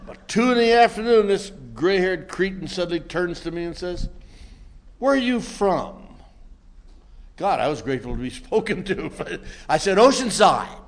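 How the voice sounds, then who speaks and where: An older man telling a self-mocking story to a meeting audience in a wry, comic way that builds into shouting. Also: sits high, lively intonation, fairly quick, hardly any pauses. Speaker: recovery meeting speaker.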